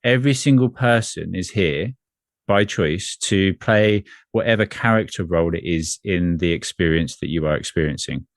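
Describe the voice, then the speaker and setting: A man speaking as an energy coach in a spiritual conversation, earnest and measured, often repeating phrases. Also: deep voice, dry recording, clean studio sound.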